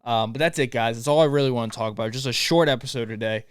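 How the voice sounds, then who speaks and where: A young podcast host talks fast in a clear, resonant voice of medium pitch, giving a pumped-up, profane motivational rant on his solo show. He's recording from a room at home, with a dog barking nearby. Studio-quality sound, no echo.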